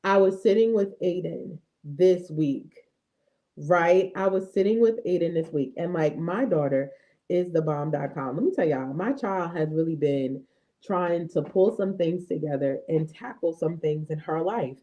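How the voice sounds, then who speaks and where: A woman in her thirties leads a casual devotional talk and speaks straight to her viewers. Her voice is mellow and warm, and she keeps it lively and chatty, often stopping to ask "right?" or "okay?". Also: on the low side, a little slow, muffled recording. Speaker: host of a faith affirmation show.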